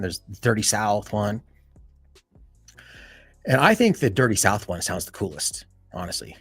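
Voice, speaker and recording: A man hosting a live stream in casual chat, rambling and filling every pause with "you know" and "like". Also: on the low side, creaky, slightly rough, dry recording.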